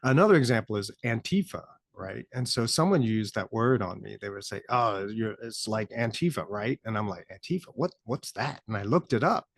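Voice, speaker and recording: A man's voice: lowish voice, animated, fairly quick, creaky, few pauses. A man hosting his own commentary show, talking casually and asking rhetorical questions as he goes. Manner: conversational, rhetorical questions, frequent "right?". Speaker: podcast host, former teacher.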